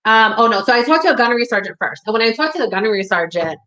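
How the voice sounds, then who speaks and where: A woman's voice: on the high side, lively intonation, racing, a bit bright, poor audio. A woman telling a personal story in a casual, profane way, full of "like". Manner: casual and profane, heavy use of "like".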